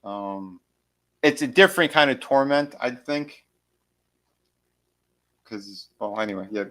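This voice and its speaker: Guy on a review stream, mid pitch, kinda hesitant and trailing off, just chatting about the cast. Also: slow pace, fairly bright tone. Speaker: co-host of a movie review stream. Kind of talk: casual chat about film actors.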